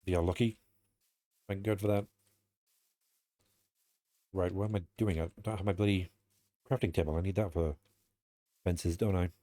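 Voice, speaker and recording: Young British streamer, low voice, rambling and self-mocking chat, a bit sweary. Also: male voice, steady tone, moderate pace, pauses often, mellow, no room sound. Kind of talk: casual streaming chat while playing.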